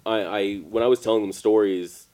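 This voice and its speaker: A man's voice: lowish voice, steady tone, fairly quick, a loud crowd. A man from Canada co-hosting a podcast, chatting casually and cracking teasing jokes. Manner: joking, teasing interjections. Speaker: podcast co-host. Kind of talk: casual chat.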